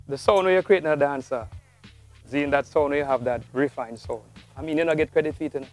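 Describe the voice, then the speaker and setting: Jamaican man, show host, high voice, quick, backs up his guest. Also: soft background music. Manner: encouraging, affirming interjections. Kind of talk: casual interview chat.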